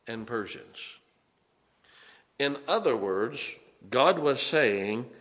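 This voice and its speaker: A man preaching a sermon, animated and conversational, with dramatic emphasis and asides. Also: mid-range voice, extremely slow, pauses often, big-room sound.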